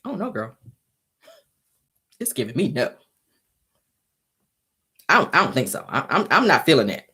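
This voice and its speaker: Sassy lady host dishing celeb gossip, husky voice, pitch all over the place, keeps laughing. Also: big pitch swings, normal speed, long pauses, bright, forceful tone. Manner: sassy, teasing, reacts to viewer comments; laughs often. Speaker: show host. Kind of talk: casual celebrity gossip commentary.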